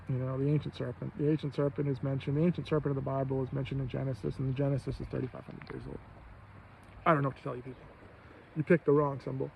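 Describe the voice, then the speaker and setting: Man vlogger, gravelly and aggrieved, swearing through a rant on a muffled, low-fi recording. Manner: profane, aggrieved, quotes others in his own voice. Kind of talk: angry personal rant. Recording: muffled low-fi audio with faint background noise.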